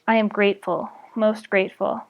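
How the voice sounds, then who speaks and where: A woman's voice: medium pitch, level tone, moderate pace, highs cut off, natural voice. An earnest young man, read by a woman in her natural voice. He is polite and direct. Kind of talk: reading a novel aloud.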